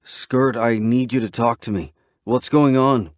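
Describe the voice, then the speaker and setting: A man voicing a blunt, steady male biker who talks firmly to a panicking friend. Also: medium pitch, unhurried, no echo, studio quality, pitched above the performer's own voice, natural voice. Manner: firm, blunt.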